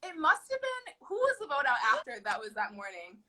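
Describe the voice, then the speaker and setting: A woman's voice: high voice, wildly swooping pitch, a little fast, sharp tone. A young woman in casual livestream chat, retelling her reality-competition experiences in a rambling way full of "like". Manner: rambling with many "like" fillers, retelling a conflict.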